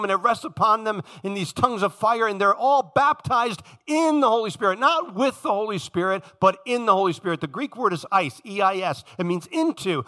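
A man preaching a sermon to his congregation, moving between quiet passages and shouted lines and acting out the people he quotes. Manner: animated, shifts from low hush to shouting; addresses congregation directly, acts out quoted speakers. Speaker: pastor.

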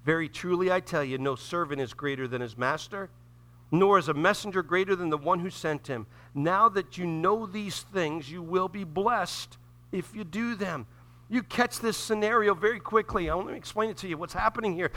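Male pastor preaching, high bright voice, gets loud then drops to almost a whisper, repeats lines to drive it home. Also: brisk. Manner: swings from loud emphatic preaching to hushed near-whisper; repeats phrases for emphasis. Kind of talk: sermon.

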